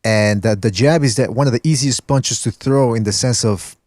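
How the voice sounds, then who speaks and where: A man's voice: medium pitch, moderate pace, a little mellow, dry recording, studio quality. A man hosting a casual podcast, talking through analysis in a joking, easygoing way. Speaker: podcast host. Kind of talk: casual boxing podcast chat.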